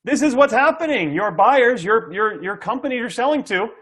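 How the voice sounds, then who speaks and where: This guest is a middle-aged SaaS sales coach whose very high, husky voice sounds fairly bright and expressive at a moderate pace. He walks an interviewer through sales tactics energetically, playing out buyer conversations and often asking "okay?".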